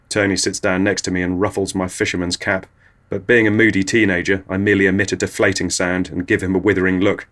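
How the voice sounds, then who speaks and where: A low-voiced man narrates surreal comic stories as if they were ordinary news. His delivery stays dry and matter-of-fact throughout. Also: level tone, quick pace, a bit bright. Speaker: comedy podcast host. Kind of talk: absurdist comic monologue.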